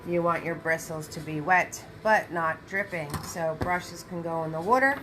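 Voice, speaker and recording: A woman's voice: on the low side, normal speed, noisy background. A woman hosting a livestream painting class, chatting with viewers and greeting them by name. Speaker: paint party instructor.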